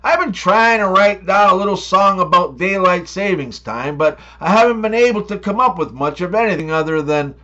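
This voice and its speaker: A man telling a run of scripted jokes, with deadpan setups and playful punchlines. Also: high voice, normal speed, few pauses, highs cut off. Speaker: comedy joke teller. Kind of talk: scripted joke monologue.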